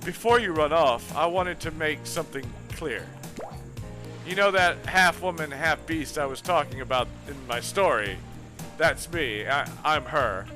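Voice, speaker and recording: A man voicing a vain, theatrical female killer who fancies herself a storyteller, with a grand, self-satisfied, slightly lowered delivery. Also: a little slow, music in the background, close to an everyday voice. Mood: confiding. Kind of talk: streamer voicing a dating game.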